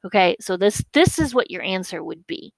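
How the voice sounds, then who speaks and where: Woman, teacher, gravelly edge, mid pitch, repeats points, asks "okay?". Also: expressive, moderate pace, no room sound, low-quality recording. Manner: explains step by step, repeats points, checks with "okay?". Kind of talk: classroom lesson walkthrough.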